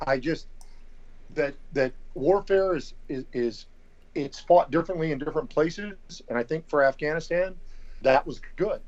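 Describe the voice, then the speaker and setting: A middle-aged man, a guest on a podcast, explaining things deliberately and repeating words as he thinks. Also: on the high side, a little mellow. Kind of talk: casual conversation. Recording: slightly dull lo-fi audio.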